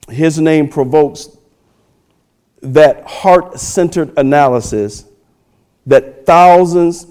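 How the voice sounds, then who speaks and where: A man preaching a sermon, building phrases with swelling emphasis and dramatic pauses. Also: medium pitch, dark tone.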